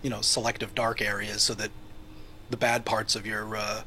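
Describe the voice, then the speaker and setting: A man's voice: on the low side, level tone, moderate pace, pushed and bright, a little hiss or hum. A man speaking as a guest in a casual panel chat, rambling and thinking aloud with lots of fillers.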